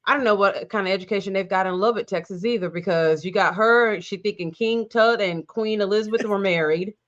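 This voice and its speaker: A woman's voice: mid-range voice, fairly quick, a bit bright, dull audio. A woman guest in a casual chat, giving teasing, opinionated takes on a reality TV episode. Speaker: guest co-host.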